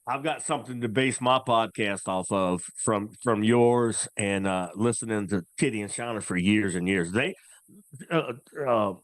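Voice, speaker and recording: A man's voice: fairly low pitch, dry recording. Man with a Southern twang, dry close sound. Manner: laid-back, halting, repeats words. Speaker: former co-host, now hunting podcaster. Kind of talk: casual chat.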